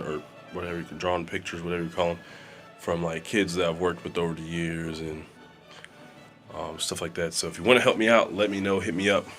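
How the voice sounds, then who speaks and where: A man's voice: low voice, fairly bright tone. A man chatting casually to camera as a vlogger, rambling with lots of fillers, in a small sound-deadened room. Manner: rambling, filler-heavy, conversational. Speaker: vlogger and musician.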